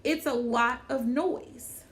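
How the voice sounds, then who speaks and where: Chatty high-voiced woman, unhurried. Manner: chatty, animated, laughs often, repeats phrases; talks to viewers by name. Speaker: livestream host. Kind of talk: casual chat with live viewers.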